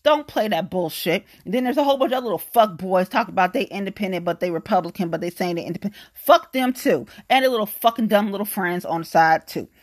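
A woman's voice: mid-range voice, quick pace, few pauses. Fired-up, blunt woman in her late thirties. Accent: African American English. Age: 30s. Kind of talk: casual political rant.

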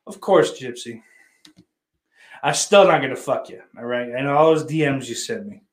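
Young male streamer, casual and foul-mouthed, rambles while teasing his chat; average pitch. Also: moderate pace. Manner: profane, rambling, teasing viewers. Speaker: livestream host reading chat.

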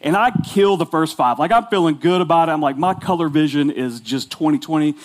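A man's voice: a little high, fairly quick. A man in his forties, a pastor telling a funny personal story in his sermon in a chatty, self-mocking way, full of "like". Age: 40s.

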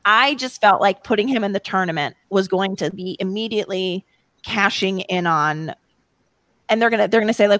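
A woman chatting as a podcast guest, talking in rambling bursts with many restarts and quick laughs. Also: mid-range voice, a bit bright, no room sound. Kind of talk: casual podcast chat.

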